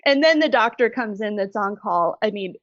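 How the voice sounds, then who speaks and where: A middle-aged woman telling her story as a podcast guest, animated and laughing often. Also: medium pitch, normal speed, no room sound, highs cut off. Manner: animated retelling, laughs often, acts out quoted voices. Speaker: guest, bereaved mother. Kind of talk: conversational storytelling.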